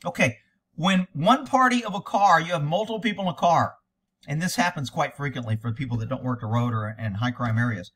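Speaking fairly quickly in a husky, bright, forceful voice that sits slightly high for a man, he gives reaction commentary on police footage as a cop would. He's blunt and sarcastic, swearing freely while tearing into what he hears.

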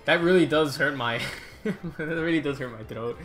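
This gaming channel host talks his way through play in a loose, rambling manner, excitable and fast to groan or swear at the game. His voice leans high, and there's faint music underneath.

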